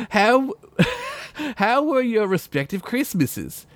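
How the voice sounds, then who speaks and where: A man's voice: extremely high pitch, huge pitch swings, drawn-out words, dry recording, voice pushed up, exaggerated voice. A man reading a listener's email aloud in a put-on voice, a pleading male waif that drifts toward an Australian twang. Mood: chummy.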